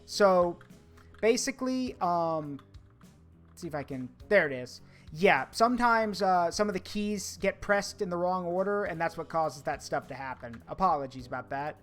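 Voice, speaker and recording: A man's voice: sits high, animated, moderate pace, a bit bright, faint music behind. A man streaming a game, chatting casually with his viewers as he works. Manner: chatty, talks to chat while working, hums tunes. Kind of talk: casual gameplay commentary.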